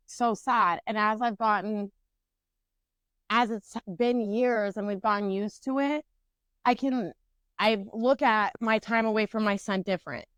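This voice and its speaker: High, profane woman telling a story. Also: clean tone, no room sound. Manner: profane, animated storytelling with acted-out quotes. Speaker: podcast co-host. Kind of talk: casual storytelling chat.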